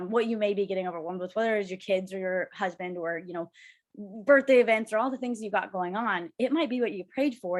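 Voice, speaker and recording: Fast-talking, bubbly young woman co-host. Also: medium pitch. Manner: fast, bubbly, rambling with many "like"s. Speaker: podcast co-host. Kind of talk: casual chat. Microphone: video call.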